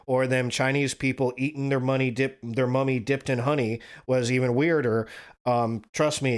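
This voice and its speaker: A man hosting a podcast who reads articles aloud, then drifts into rambling, profane asides and corrects himself as he goes. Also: medium pitch. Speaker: podcast host. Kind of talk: reading articles aloud and riffing casually.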